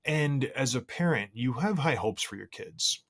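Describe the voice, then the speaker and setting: A man's voice: medium pitch, animated, measured pace, fairly bright tone. A man hosting his own podcast solo, chatting casually and telling self-deprecating stories with frequent restarts. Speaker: podcast host.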